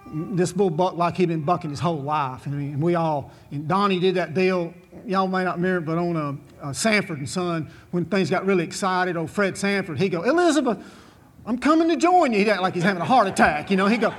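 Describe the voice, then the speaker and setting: A man's voice: high-pitched, fairly quick, fairly bright tone. A man, a former bull rider telling a long folksy story to an audience, drawling and chuckling as he goes. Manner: drawling, chuckling, repetitive restarts.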